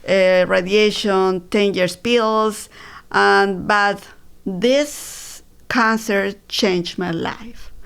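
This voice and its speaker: Slow, gravelly-voiced woman. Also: mid-range voice. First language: Spanish. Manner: halting, with many fillers and restarts. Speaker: guest. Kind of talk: personal story in an interview.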